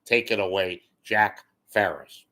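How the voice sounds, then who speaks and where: A man's voice: fairly low pitch, unhurried, sharp tone. A man impersonating a chirpy male field reporter with repetitive, upbeat on-air patter.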